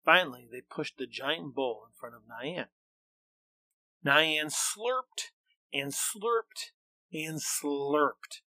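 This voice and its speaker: A man reading a children's storybook aloud in a measured, expressive way. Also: a little high, dry recording.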